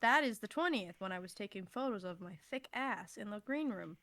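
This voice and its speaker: Animated and a little fast, this woman co-hosts a podcast, reading aloud from an old notebook. Her mid-range voice is a bit bright, and the casual chat is full of rambling, laughter and swearing.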